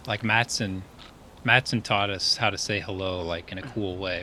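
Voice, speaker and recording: Chatty low-voiced male streamer. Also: fairly even intonation, normal speed, pushed and bright, slight background noise. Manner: rambling, chatty, laughs often, many fillers. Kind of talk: casual chat while streaming a game.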